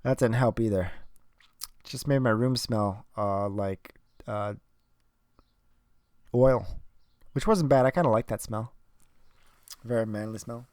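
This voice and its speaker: A man's voice: fairly low pitch, a little slow, pauses often, darkish tone, no room sound, studio quality. A young man hosting a solo podcast, rambling and swearing, arguing with himself. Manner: profane, rambling, self-arguing. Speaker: podcast host.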